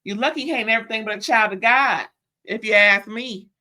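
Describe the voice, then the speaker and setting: Woman gossiping thru a reality show recap, lively, slangy, does little voices. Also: fairly high pitch, brisk. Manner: animated storytelling with playful impressions, southern slang. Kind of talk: casual recap chat.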